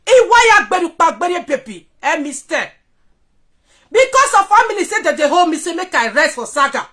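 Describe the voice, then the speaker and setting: Nigerian woman, confrontational camera rant; high, bright, lively pitch swings. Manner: confrontational, scolding, switching between Pidgin and local languages.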